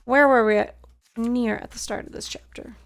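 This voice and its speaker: A woman's voice: on the high side, steady tone, moderate pace. A woman streaming a video game, casually musing aloud to herself and laughing at her own guesses. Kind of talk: casual gameplay commentary.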